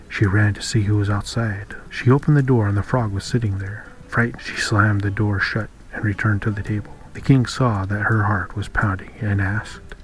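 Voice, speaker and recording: Calm low-voiced man reading a fairy tale. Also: normal speed, hardly any pauses, rough recording. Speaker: audiobook reader. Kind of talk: scripted storybook narration.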